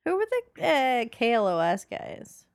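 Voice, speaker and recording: Lively, gravelly-voiced woman podcast co-host. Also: a little high, a little slow, no room sound. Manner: joking, quotes movie lines. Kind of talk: casual chat.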